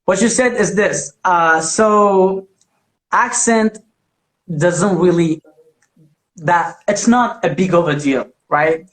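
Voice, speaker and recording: A man hosts a live chat, pausing often and filling the gaps as he talks. His voice is high for a man. An echoey room rings around him. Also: fairly bright tone. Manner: hesitant, many fillers. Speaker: host.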